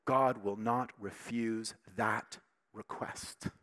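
A man preaching a sermon with emphatic, animated delivery, dropping to quiet, intimate tones between louder passages. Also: on the low side, takes it slowly. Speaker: pastor.

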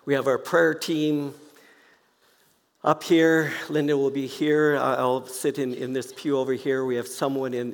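A man preaching a sermon as pastor, speaking slowly and deliberately and softly repeating key phrases. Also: fairly high pitch. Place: church sanctuary. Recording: long reverb of a church hall.

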